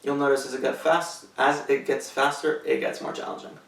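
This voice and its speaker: A cello teacher with a mid-range voice gives an instructional tutorial, patiently and methodically explaining rhythm step by step with some fillers. He speaks briskly, with vocal fry and little pitch movement. The mic is at a distance in an echoey room, and the background is noisy.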